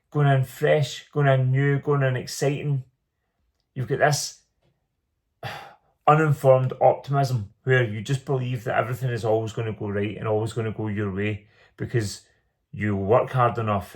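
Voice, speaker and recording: A man telling his own story in an earnest, reflective monologue, repeating phrases for emphasis. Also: mid-range voice. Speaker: small business owner telling his story.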